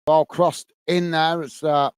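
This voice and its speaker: A man from England hosts a live football watchalong, speaking slowly with a fairly high pitch, a clean tone and a flat delivery in a dry recording. Casual and chatty, he commentates the play and calls viewers mate and guys.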